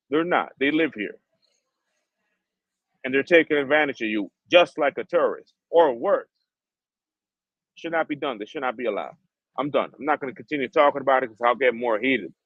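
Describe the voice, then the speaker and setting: A man's voice: mid-range voice, no echo, highs cut off. A man hosting a livestream, ranting in heated, profane street slang. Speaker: livestream host.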